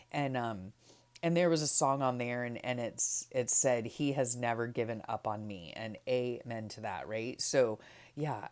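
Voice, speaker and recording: Very low-voiced chatty crafting woman. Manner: chatty, rambling, trails off softly. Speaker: craft vlogger. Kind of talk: casual craft journal flip-through chat.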